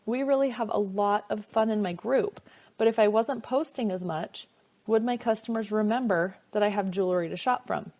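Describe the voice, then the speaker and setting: A woman's voice: mid-range voice, moderate pace, a little mellow. Chatty, enthusiastic woman podcast host. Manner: enthusiastic, chatty, rhetorical questions. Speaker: podcast host and jewelry seller. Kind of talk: upbeat training podcast.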